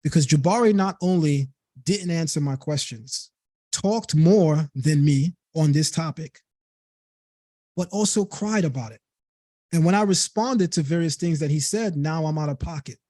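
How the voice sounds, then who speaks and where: A man's voice: fairly high pitch, normal speed, warm tone, no room sound, clean studio sound. A young man of Caribbean descent hosting a late-night live stream, talking emphatically and repeating himself to drive his points home. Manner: emphatic, repetitive, stressing words to make a point. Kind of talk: heated live stream commentary.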